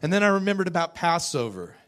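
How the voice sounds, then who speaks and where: A man sharing a personal testimony in a conversational storytelling style, self-deprecating and quick to laugh. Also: sits high, very animated, a bit bright.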